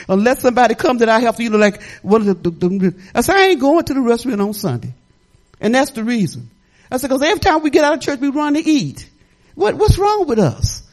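A middle-aged woman pastor preaching a sermon in a lively, folksy way, laughing and talking back to the congregation. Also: a little high, a little fast.

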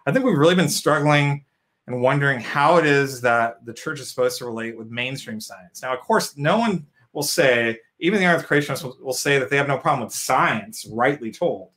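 A man's voice: medium pitch, expressive, normal speed, a bit bright. A man hosting an interview, talking in a chatty, upbeat way full of "you know" and "um" fillers. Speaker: show host. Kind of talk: casual interview chat.

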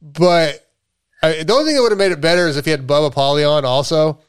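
A man with a smooth, resonant voice sitting a little high for a man, hosting a podcast in casual chat. He talks loosely and jokes around, swearing now and then. The sound is close and dry. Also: fast talker, dry recording. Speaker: podcast host.

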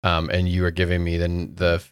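A man's voice: low voice, completely flat delivery, fairly quick, clear, resonant tone, dry recording, clean studio sound. A man co-hosting a podcast, thinking aloud about films with stammered restarts. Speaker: podcast co-host. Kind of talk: casual movie discussion.

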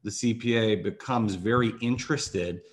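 A man with a fairly low voice hosts an interview as a financial advisor. He asks long, winding questions and keeps restarting. His talk is padded with "you know" and "um". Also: normal speed. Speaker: financial advisor, podcast host.

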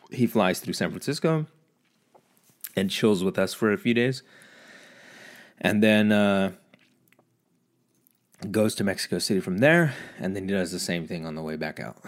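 A man telling a casual, rambling story as a vlogger, swearing a lot and poking fun at himself. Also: deep voice. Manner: rambling, heavy swearing, self-mocking.

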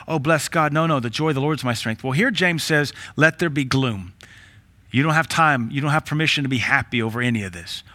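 A man with a Southern American accent, a pastor preaching a sermon in a blunt, sarcastic, forceful manner. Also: fairly high pitch, no room sound.

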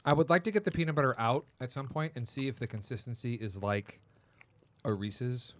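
A man's voice: medium pitch, brisk, a bit bright. Chatty man hosting a candy tasting. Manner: rambling, chatty, reads out labels. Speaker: host. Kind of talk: casual chat.

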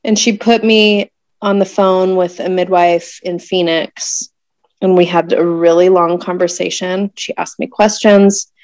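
A woman in her thirties recounts a painful personal story in an unhurried, conversational way. Her voice sits low for a woman, recorded close and dry with no room sound, and she pauses often and reaches for words. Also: fairly even intonation, a little mellow, no room sound. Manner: emotional, searching, many pauses and fillers. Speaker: guest telling a birth story.

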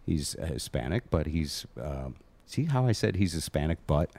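A man's voice: extremely low pitch, big pitch swings, moderate pace, creaky, mellow, slight background noise. A man hosting a casual podcast chat, telling a long rambling story and poking fun at himself. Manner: rambling, self-mocking storyteller. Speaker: host.

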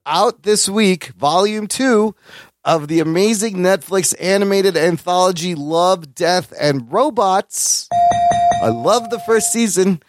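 A man co-hosting a podcast in casual chat, profane and enthusiastic, with animated swings in pitch. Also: slow pace. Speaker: podcast co-host.

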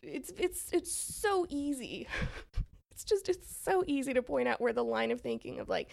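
A woman's voice: high voice, huge pitch swings, normal speed, gravelly, a little mellow. A woman co-hosting a casual political chat podcast, rambling with many fillers and frequent laughs. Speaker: podcast co-host.

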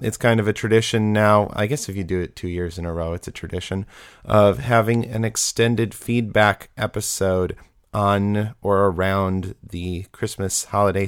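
A man's voice: fairly low pitch, dry recording. A man hosting a podcast and chatting casually through listener feedback, playful and enthusiastic. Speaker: podcast host.

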